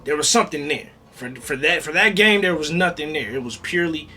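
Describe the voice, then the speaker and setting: A man giving a casual, animated review, talking in slang, repeating himself and swearing. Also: a little high, brisk, slight background noise. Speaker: reaction video reviewer.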